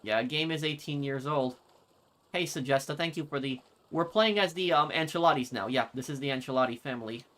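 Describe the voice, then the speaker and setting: A man's voice: on the high side, fairly quick, fairly bright tone. A man with a faint New York accent chatting casually while streaming gameplay, reacting aloud to the game as he plays. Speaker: gaming streamer. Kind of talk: live gameplay commentary.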